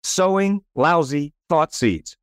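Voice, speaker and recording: Speaking slowly in a clear, resonant, slightly high voice, a coach and author tells a story during an interview. He's lively, acts out quotes and asks "right?" again and again. The studio-quality recording has no room sound.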